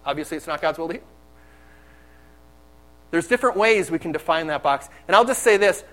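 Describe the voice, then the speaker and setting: A man with a high voice preaching a sermon. He talks candidly and conversationally, telling his own stories to the congregation. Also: lively intonation, brisk, fairly bright tone, rough recording.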